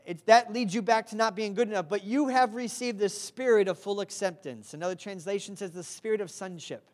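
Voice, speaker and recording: A woman's voice: medium pitch, fairly quick. A woman preaching a sermon, earnest and direct, who often asks the congregation to respond.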